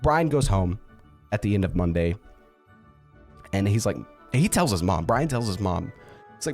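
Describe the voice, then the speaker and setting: A man's voice: lowish voice, big pitch swings, moderate pace, pauses often, a little mellow, soft background music. A man casually telling a story, chatty with fillers.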